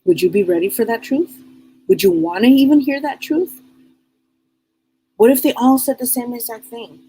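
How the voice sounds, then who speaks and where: In a rough recording with slight background noise, a middle-aged woman reads and hosts on a live psychic advice stream. Her fairly high, mellow voice runs at normal speed as she talks bluntly and casually, repeats herself and asks rhetorical questions.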